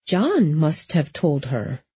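Give me a woman playing a blunt old witch woman who grumbles, dark and low. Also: big pitch swings, slow pace, husky, no room sound, exaggerated voice. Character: gruff older woman, a blunt faded witch. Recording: slightly dull lo-fi.

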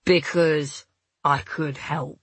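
A woman's voice: sits low, fairly even intonation, very slow, a bit bright, breathy edge, dry recording, full character voice. A woman voicing a slurring, lecherous drunk man in an audiobook. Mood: leering.

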